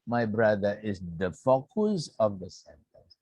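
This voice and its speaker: A man with an Indonesian accent teaching English grammar in an online lecture. He talks slowly and repeats points, checking in with a frequent "yeah". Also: lowish voice, sing-song, darkish tone, no echo.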